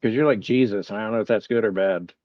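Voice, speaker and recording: Man, fairly low voice, casual streamer, reads chat aloud, bemused and self-mocking, dry slightly muffled audio. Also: fast talker, no echo. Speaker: livestream host.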